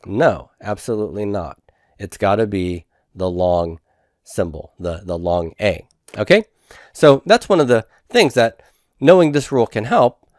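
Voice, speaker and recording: A man's voice: lowish voice, lively intonation, a little slow, a little mellow, no room sound, studio quality. A man teaching a lecture, explaining rules step by step and asking the class rhetorical questions. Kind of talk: recorded lecture.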